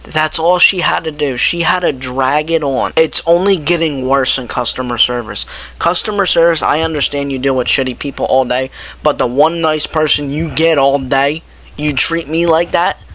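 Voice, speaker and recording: A man's voice: on the high side, normal speed. A young man telling a story in a casual rant and getting exasperated, acting out both sides of a phone call. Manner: animated, exasperated, quotes people in his telling. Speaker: vlogger. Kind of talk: casual ranting story to camera.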